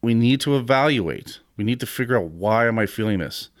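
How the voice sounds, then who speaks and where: In studio-quality audio with no room sound, a man in his fifties, a gym owner who hosts a podcast, talks frankly about confidence and training, swearing now and then. His mid-range voice is brisk and lively in intonation, with a casual podcast feel.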